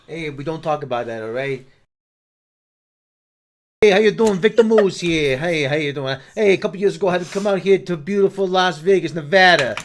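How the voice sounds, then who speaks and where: A man's voice: on the high side, lively intonation, a little fast. A man putting on a cagey middle-aged character, tough-guy patter ending lines with "all right?". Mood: gruff, evasive.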